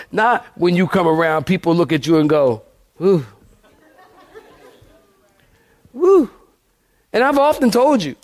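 A male pastor giving a lively sermon, with big swings in volume and pace. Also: high voice. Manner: animated preaching with shifts in volume and pace.

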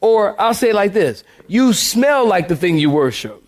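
A male pastor giving a lively sermon, with big swings in volume and pace. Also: sits high, normal speed. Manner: animated preaching with shifts in volume and pace.

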